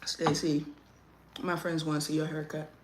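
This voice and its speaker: Woman, livestream host, casual chat, laughs a lot, lower voice. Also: moderate pace, background noise. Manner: animated, laughs often, slangy.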